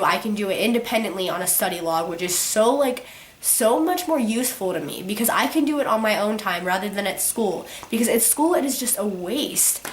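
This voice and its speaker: A teenage girl vlogger ranting casually to camera, her sick voice cracking, filling every pause with "like". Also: medium pitch, a little hiss or hum. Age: teens. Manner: ranting, constant "like" fillers. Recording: roomy echo.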